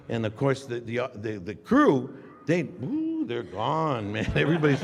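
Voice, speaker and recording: An older man telling an animated anecdote on a convention panel, acting out dialogue and laughing often. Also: mid-range voice, moderate pace, husky. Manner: acts out dialogue with shifting voices, laughs often. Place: large convention hall. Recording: long hall reverb.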